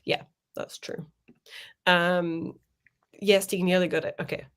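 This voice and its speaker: A woman's voice: fairly low pitch, fairly even intonation, slow, fairly bright tone, clean tone. A young adult woman co-hosting a livestream, chatting casually and reading out viewer comments, laughing often. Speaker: co-host of a writing sprint stream.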